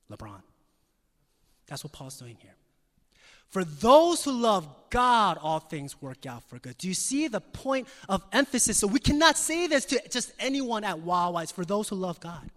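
Male pastor, emphatic sermon delivery with loud peaks and soft drops, somewhat high voice, reverberant sanctuary. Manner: emphatic, swings from loud stresses to soft near-whispers.

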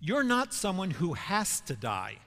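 A man's voice: high voice, wildly swooping pitch, a little slow, bright, forceful tone, voice pushed up, heavily acted. A man voicing an impassioned male disciple who protests insistently, with rising emphasis, in a reverberant hall. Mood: protesting.

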